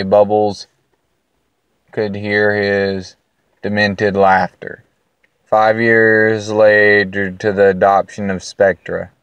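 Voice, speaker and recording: A tired young man reads his homemade story aloud, slow and flat, often stumbling and backtracking. His voice is smooth and low. The recording is dull and muffled but dry, with no room echo. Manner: halting, with restarts and lost places. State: tired from lack of sleep.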